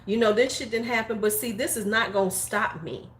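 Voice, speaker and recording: Outspoken woman in her forties doing blunt beauty chat; mid pitch, roomy echo. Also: fairly quick, a little hiss or hum. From United States. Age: 40s. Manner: blunt, profane, rambling. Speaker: beauty YouTuber. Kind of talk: casual opinion chat.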